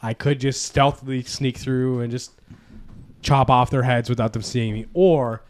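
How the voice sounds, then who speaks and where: A man in casual podcast banter, tossing in dry quips and deadpan asides. His voice sits in an ordinary middle pitch. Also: unhurried. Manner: dry quips, chimes in with jokes. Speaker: podcast co-host. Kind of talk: casual chat.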